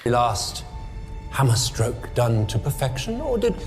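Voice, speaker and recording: An actor playing a stern dwarf king in a fantasy series, speaking in a reproachful, measured way, heard as film audio with long reverb and faint music. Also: mid-range voice, very animated. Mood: scolding.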